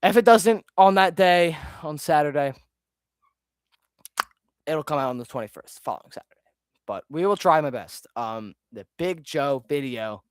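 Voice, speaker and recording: Rambling, sidetracked male streamer with casual swearing and a lively up-and-down voice, recorded dry. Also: fairly high pitch, moderate pace, long pauses, clean tone, no echo. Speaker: video creator ranking his own videos. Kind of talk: casual live-stream chat.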